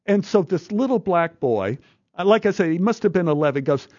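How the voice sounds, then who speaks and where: A male actor guest telling an animated anecdote in a studio interview, stammering, restarting and acting out voices. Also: sits high, fairly quick, no room sound, dull audio. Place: radio studio.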